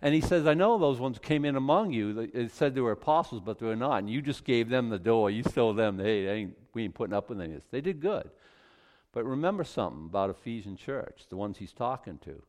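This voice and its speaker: A man's voice: mid-range voice, expressive, a little fast, darkish tone. A middle-aged man pastor preaching a sermon in a conversational, folksy way, with frequent asides and repeated words.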